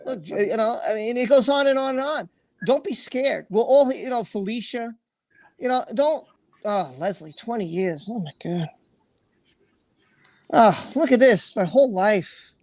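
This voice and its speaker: A man's voice: very high voice, expressive, a little slow, a little mellow, dry recording. A man hosting a livestream, reading out viewer comments and talking in an earnest, emotional way, repeating himself and swearing freely. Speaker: livestream host.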